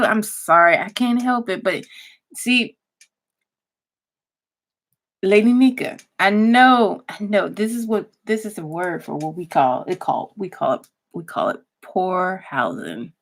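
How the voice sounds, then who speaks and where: Laughing woman gossiping animatedly. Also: medium pitch. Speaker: vlogger. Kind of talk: casual chat commentary.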